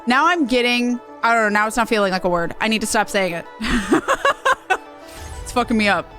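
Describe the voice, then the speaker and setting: A woman's voice: on the high side, moderate pace, a bit bright, faint music behind. A woman streaming a game, chatting casually in a rambling, self-correcting way and laughing easily. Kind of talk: casual gameplay chat.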